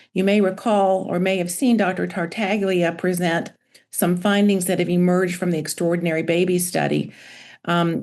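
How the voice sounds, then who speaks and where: A woman pediatrician presenting a medical webinar lecture over a video call in a measured, informative way. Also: fairly low pitch, a little mellow. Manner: measured, informative, reading from slides.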